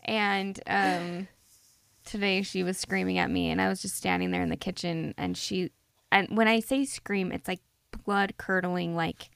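Candid mom, some vocal fry, dry close mic. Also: female voice, fairly low pitch, steady tone, unhurried, a bit bright, no room sound. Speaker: podcast panelist, mother. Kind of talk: casual chat.

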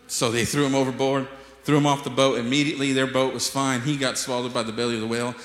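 A male pastor delivers a lively sermon, telling stories to his congregation and slipping into the voices of the people in them. His voice sits at a middle pitch. It rings through a large room with a long, roomy reverb. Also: fast. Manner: lively storytelling preacher, acts out voices, jokes with the congregation. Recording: echoey hall with long reverb.

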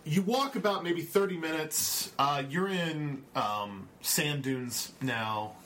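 A man running a tabletop game as game master, narrating in a relaxed, rambling way full of fillers. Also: on the high side, slow pace, a little hiss or hum.

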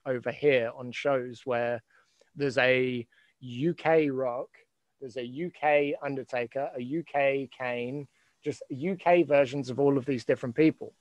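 A man's voice: mid-range voice, steady tone, unhurried, no echo. A man hosting a casual live chat, rambling with lots of fillers and restarts. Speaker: host.

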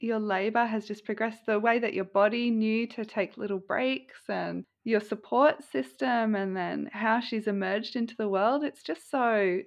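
A woman hosting a podcast, reacting to a guest's story in a gushing, warmly affirming way. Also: fairly high pitch, unhurried, gravelly, few pauses. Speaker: podcast host. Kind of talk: casual interview chat.

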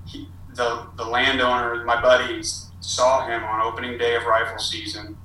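A man's voice: medium pitch, completely flat delivery, moderate pace, pushed and bright. A man telling a long, rambling hunting story as a podcast guest. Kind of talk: casual storytelling. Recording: roomy, distant with faint ambience.

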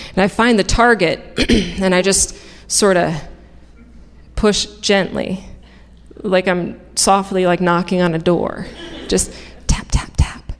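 A woman tells a bawdy personal story on stage in a frank, comic, profane way. Her voice carries through a big hall with a long, lingering reverb. She sits in a middle pitch, neither high nor low.

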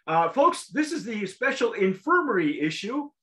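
A man hosting a casual tasting show, talking in a rambling, halting way with lots of restarts. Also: sits high, very animated, a bit bright. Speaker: show host.

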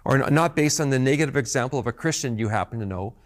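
A man's voice: mid-range voice, animated, fast talker. A man preaching a sermon as pastor, earnest and emphatic, often repeating words as he restarts phrases.

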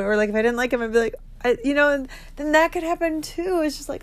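A woman's voice: high voice, animated, quick pace. A woman in her thirties hosting her own podcast, talking candidly, giggling often and swearing freely. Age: 30s. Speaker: podcast host. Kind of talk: candid solo podcast monologue.

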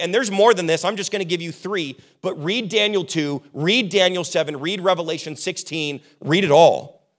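A young adult man preaching a sermon as pastor, casual and joking, acting out quick quotes. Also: a little high.

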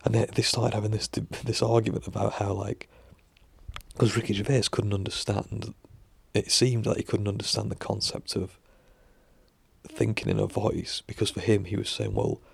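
A man's voice: lowish voice, level tone, moderate pace, no echo. A man talking to camera in a casual rambling monologue, musing with lots of fillers and restarts and casual swearing. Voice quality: gravelly, husky. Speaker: vlogger.

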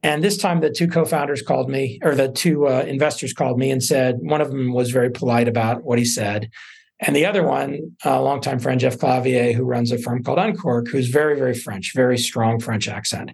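A man, a venture investor, telling stories in a relaxed interview with many fillers and restarts. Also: mid-range voice, fairly quick, creaky, husky. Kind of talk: casual interview talk.

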